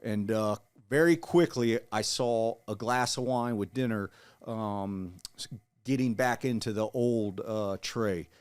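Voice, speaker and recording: A man in his forties telling his story in an interview, earnest and halting, with frequent restarts. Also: fairly low pitch, darkish tone, clean tone. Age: 40s. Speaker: guest, Marine veteran.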